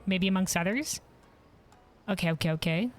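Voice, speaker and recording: A woman's voice: lowish voice, moderate pace, soft background music. A woman streaming a game, talking casually and rambling, self-deprecating and reading chat messages aloud.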